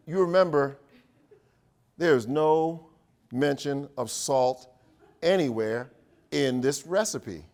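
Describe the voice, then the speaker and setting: A man with a medium-pitched voice leads a workshop for educators, telling a playful, animated story and joking with his audience.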